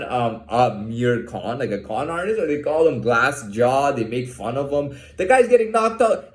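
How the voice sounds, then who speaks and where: Speaking to camera with reverberation around him, a fairly high-pitched man delivers an agitated rant full of swearing and restarted sentences.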